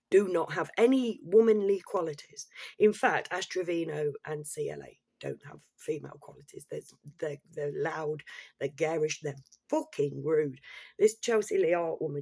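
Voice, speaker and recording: A middle-aged vlogger talks straight to camera in a blunt, sweary, rambling rant. The voice is husky and breathy, pitched in the middle. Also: darkish tone, no echo, studio quality. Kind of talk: casual opinion rant to camera.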